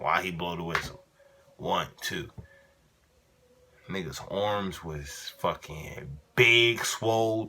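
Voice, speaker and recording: A man's voice: deep voice, bright, forceful tone. A young man vlogger telling a casual story in slangy, profane, laid-back talk.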